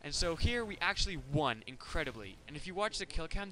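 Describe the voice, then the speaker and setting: A man giving casual commentary over his gameplay, talking in an animated, ranting, incredulous way. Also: fairly high pitch, fairly quick, few pauses, poor audio.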